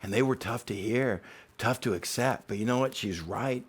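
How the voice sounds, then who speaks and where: A man's voice: fairly low pitch, moderate pace, husky. A man, a teaching pastor, giving a sermon in a conversational, humorous preaching style. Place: church.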